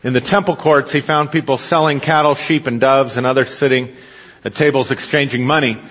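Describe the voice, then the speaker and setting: A man's voice: medium pitch, steady tone, fairly quick, fairly bright tone. A man preaching a sermon, reading scripture aloud and explaining it, asking his listeners questions as he goes. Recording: dull hall recording with long reverb.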